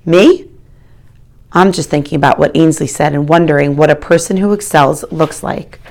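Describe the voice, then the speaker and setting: A woman narrates a first-person story as an audiobook. Her voice sits a little low, and she reads with wry, expressive timing. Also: a little fast, vocal fry.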